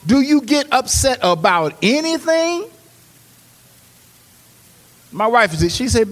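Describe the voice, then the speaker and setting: Lively man preaching in a reverberant hall. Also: high-pitched, unhurried, long pauses. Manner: preaching, swings from hushed storytelling to loud exhortation. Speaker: pastor. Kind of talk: sermon. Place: church.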